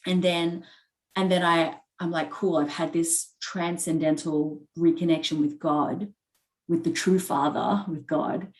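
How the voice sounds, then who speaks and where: A woman with a slightly low voice tells a personal story on a podcast. She is candid and emotional and swears without holding back, as she would in casual conversation with friends. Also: little pitch movement, a little slow, a little mellow. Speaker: podcast co-host.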